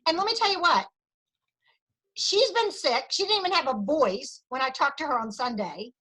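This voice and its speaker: A woman with a high, bright voice runs a team meeting over a video call. She talks with bubbly enthusiasm, cheering her people on and saying "y'all" as she goes. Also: lively intonation, moderate pace, rough recording. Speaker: sales director leading a team meeting. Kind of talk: energetic team meeting pep talk.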